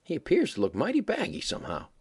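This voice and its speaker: A man reading the part of a boastful frontier gambler with a drawling, careless, folksy way of talking and a husky voice. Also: on the high side, huge pitch swings, fast talker, pitched above the performer's own voice, exaggerated voice. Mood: easy careless.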